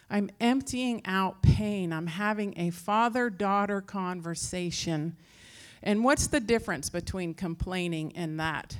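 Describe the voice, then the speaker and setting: A woman who teaches Christian faith, giving an informal talk and telling rambling, animated stories that act out other people's voices. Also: lowish voice. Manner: acts out quoted voices.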